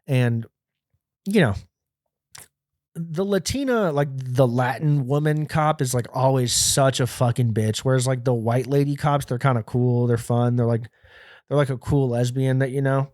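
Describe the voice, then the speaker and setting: Brief: young male podcast host, profane and animated storyteller, dry close sound. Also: mid-range voice, moderate pace, dry recording. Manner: profane, animated, acts out quoted voices. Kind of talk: casual storytelling monologue.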